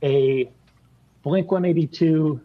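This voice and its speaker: Hesitant man on dull lo-fi audio. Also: on the high side. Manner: hesitant, long pauses. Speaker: returning podcast guest. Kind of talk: casual chat.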